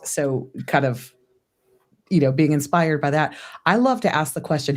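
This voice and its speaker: Low-voiced woman co-host, playful and theatrical. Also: animated, moderate pace. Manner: playful, self-deprecating, a touch theatrical. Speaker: co-host relaying viewer comments. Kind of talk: casual chat.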